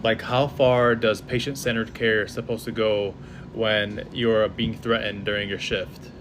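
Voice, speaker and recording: A man's voice: fairly low pitch, little pitch movement, measured pace. Earnest man nurse, air conditioner hum. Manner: earnest, hesitant with fillers. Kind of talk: commentary to camera.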